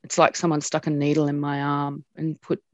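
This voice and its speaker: A middle-aged Australian woman, a broadcast journalist, telling stories about her past in an animated way with frequent laughs. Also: low-pitched, fairly quick, no echo. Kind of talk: reminiscing in an interview.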